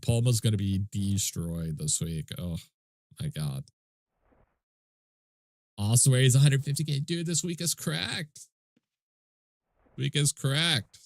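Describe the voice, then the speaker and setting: A man's voice: mid-range voice, no echo, clean studio sound. A man with a stuffy nose, casually commentating his game stream and chatting with viewers in a laid-back, swearing way.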